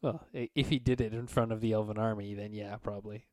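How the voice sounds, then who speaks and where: A man narrating as game master of a tabletop game, relaxed and halting with many fillers. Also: on the low side, no room sound, studio quality.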